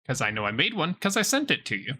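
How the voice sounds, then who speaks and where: A man running a tabletop game from home, swearing casually in chat and slowing into scene narration. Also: on the high side, wildly swooping pitch, pushed and bright, slightly rough, poor audio. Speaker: game master. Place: home, with a child nearby.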